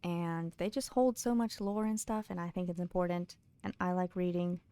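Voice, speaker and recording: A British woman streaming a game live, chatting casually with viewers and reading in-game books aloud, laughing often and dropping into soft mutters. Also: lowish voice, steady tone, normal speed, smooth, no echo.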